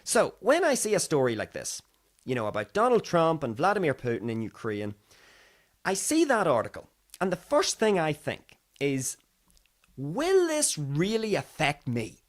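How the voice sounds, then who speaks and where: Lively chatty Irish man. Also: fairly high pitch, moderate pace. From Ireland. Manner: chatty and digressive, acts out other people's voices. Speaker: podcast host. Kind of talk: casual solo commentary.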